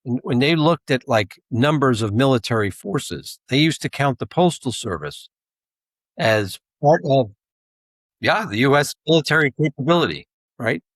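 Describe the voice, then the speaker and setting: A man's voice: medium pitch, expressive, moderate pace, no echo. A man co-hosting a podcast, talking in a rambling, casual way with asides and restarts. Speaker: podcast co-host, intelligence analyst.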